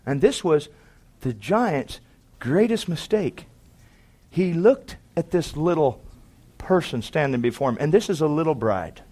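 Fervent male preacher, fairly high voice. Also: expressive, measured pace. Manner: swings from shouted fervor to quiet storytelling; calls to the congregation for amens. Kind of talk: sermon.

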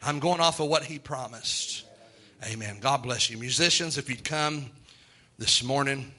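A man's voice: mid-range voice, measured pace, bright, forceful tone. A man preaching a sermon as pastor, building to fervor and punctuating with amens. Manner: preaching with rising fervor, call-and-response amens.

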